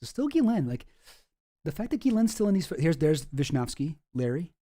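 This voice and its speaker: Sarcastic guy, lively delivery. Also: on the high side, moderate pace. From Canada. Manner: sarcastic, rambling, swears freely. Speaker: online commentator. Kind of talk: casual commentary on photos.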